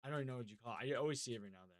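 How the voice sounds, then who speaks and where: A man's voice: medium pitch, very fast, no echo. A man live-streaming a game, chatting casually with his viewers, rambling and swearing freely.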